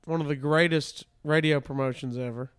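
A man's voice: fairly high pitch, fairly even intonation, a little fast, clear, resonant tone. A man, a radio host in casual chat, tossing in playful quips. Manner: playful interjections, mock British quips.

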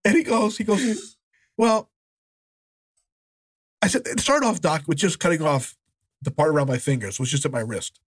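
A man co-hosting a podcast, telling a story in a lively, animated way, acting out voices and laughing as he goes. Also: on the high side, a little fast, slightly rough. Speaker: podcast co-host. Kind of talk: casual storytelling chat.

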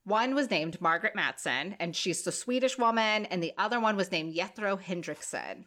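A woman's voice: mid-range voice, lively intonation, moderate pace, a bit bright. A woman podcast host telling a story in casual, profane, joking chat, sick with covid.

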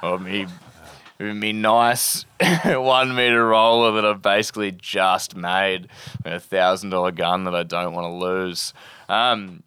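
A man's voice: low-pitched, steady tone, unhurried, sharp tone, clear, resonant tone, no echo, studio quality. A young Australian man telling a spearfishing story as a podcast guest in a laid-back, slangy way, swearing freely. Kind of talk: casual storytelling.

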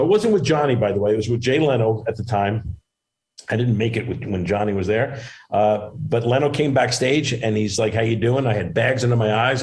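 Over a video call, a middle-aged man who works as a comedian and actor chats as a guest, meandering through stories and restarting often in a casual interview. He has a mid-range voice, and the recording quality is low.

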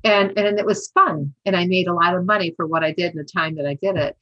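A woman's voice: fairly low pitch, fast talker, lo-fi sound. A woman in her sixties telling stories in a casual, chatty way, laughing often and acting out what people said. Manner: chatty, peppered with "you know" and laughter, acts out dialogue. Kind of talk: casual storytelling.

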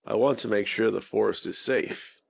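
A man's voice: lowish voice, moderate pace, creaky, husky, dry recording, dull audio, exaggerated voice. A man voicing a giant, friendly male owl who speaks politely and earnestly.

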